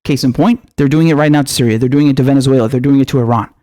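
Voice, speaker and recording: A man's voice: medium pitch, fairly even intonation, rapid-fire, dark tone. A young man delivering angry, profane political commentary, firing off sarcastic rhetorical questions.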